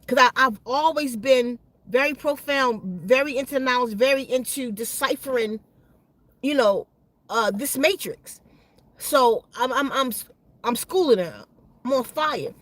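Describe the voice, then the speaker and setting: Woman w a high voice spilling a wild personal story, slangy, keeps restarting words. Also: a little slow, a bit bright. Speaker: channel host.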